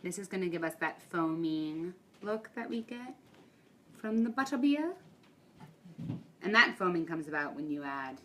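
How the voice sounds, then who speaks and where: A woman's voice: sits low, moderate pace, hardly any pauses, pushed and bright. A woman hosting a casual baking demonstration in a kitchen, chatty and encouraging. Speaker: baking host. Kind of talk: casual cooking demo chat. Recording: distant mic with faint room noise.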